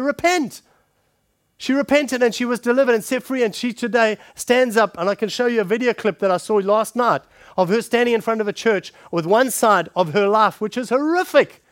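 A man preaching a sermon, calling his listeners friends and shifting between forceful punches and hushed scripture reading. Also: high-pitched, no room sound, clean studio sound. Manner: emphatic, addresses the congregation directly as friends.

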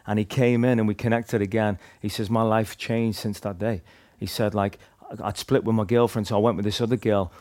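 A man's voice: on the low side, flat delivery, fairly quick, few pauses, a little mellow. Northern Irish man telling a story. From Northern Ireland. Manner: chatty, rambling, lots of restarts and "like". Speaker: speaker sharing a testimony. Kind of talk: personal storytelling to a group.

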